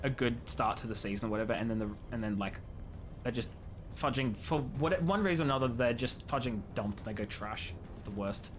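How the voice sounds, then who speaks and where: Speaking a little fast at a medium pitch, a young streamer rambles and jokes through his gameplay, laughing often. The background is noisy, with game music playing.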